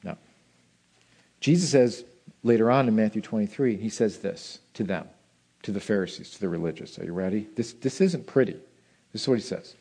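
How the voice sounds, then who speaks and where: A male pastor preaching a sermon, swinging between loud emphasis and soft asides. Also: mid-range voice, lively intonation, moderate pace, pauses often, slightly rough.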